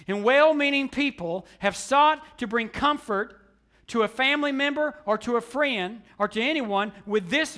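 Guy preaching a sermon, really high bright voice, pushes hard on the big lines. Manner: emphatic preaching with repetition, surging louder and softer. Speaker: pastor.

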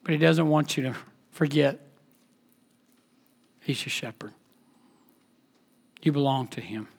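A man preaching a sermon as pastor, impassioned, swinging between loud emphatic peaks and soft hushed lines. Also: a little high, takes it slowly, breathy edge.

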